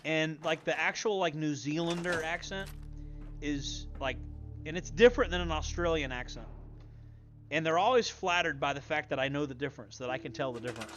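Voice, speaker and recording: Bright-voiced man rambling through gameplay. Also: a little high, brisk, soft background music. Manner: rambling, profane, muttering to himself. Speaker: streamer. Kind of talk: casual gameplay commentary.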